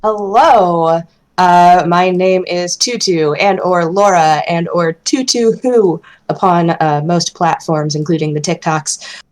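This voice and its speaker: A woman's voice: lowish voice, takes it slowly, a little mellow. A woman playing in a tabletop game stream, introducing herself in a playful, rambling way. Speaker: player. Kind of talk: casual chat.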